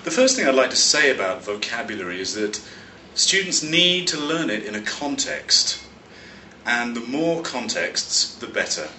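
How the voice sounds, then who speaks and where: A man from London teaching a vocabulary lesson, his bright voice rising and falling with lively pitch. He talks in a clear, measured way and leans on key words. He sounds set back from the mic in an echoey room. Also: recorded from a distance, a little hiss or hum. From London, England. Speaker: English teacher and teacher trainer. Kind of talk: explanatory spoken lesson. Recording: roomy echo, slightly off-mic.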